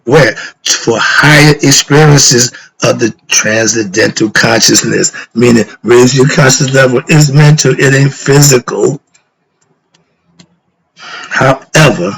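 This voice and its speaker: A man's voice: mid-range voice, gravelly, a bit bright, a little hiss or hum, poor audio. A middle-aged man giving a casual spiritual lecture, posing rhetorical questions and answering them, slipping into slang and getting worked up. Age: middle-aged or older. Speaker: philosophy talk host.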